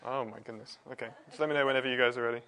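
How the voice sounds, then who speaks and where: A man's voice: mid-range voice, steady tone, rapid-fire, sharp tone. Chatty man setting up a livestream. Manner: chatty, self-deprecating, laughs often. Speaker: presenter and physicist. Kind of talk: casual livestream chat. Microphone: wireless mic.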